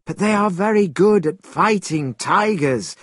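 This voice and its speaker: Guy playing a gentle polite monk, a bit high, husky, slow storybook voice. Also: animated, no echo, clean studio sound, heavily acted. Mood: earnest. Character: gentle, earnest male monk.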